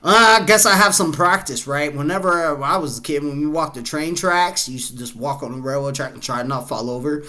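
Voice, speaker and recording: A man talks through a run of internet clips in a loose, easygoing way, laughing as he goes and tossing in "bro". His voice sits a bit high for a man and sounds bright and tense, like a chatty reaction host. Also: brisk, hardly any pauses. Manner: chatty and laid-back, laughs often, says "bro". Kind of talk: casual chat reacting to clips.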